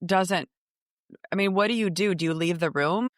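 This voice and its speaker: A woman in her forties co-hosting a podcast, talking in a calm, questioning, self-deprecating way. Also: lowish voice, moderate pace, dry recording, clean studio sound. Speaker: podcast co-host. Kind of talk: casual chat.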